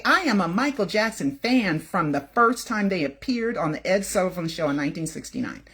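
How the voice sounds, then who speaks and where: Husky, chatty middle-aged woman. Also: lowish voice, lively intonation, a little fast, few pauses, a bit bright. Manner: chatty, defensive, many fillers and repeats. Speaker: video host reporting celebrity news. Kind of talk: casual rambling commentary.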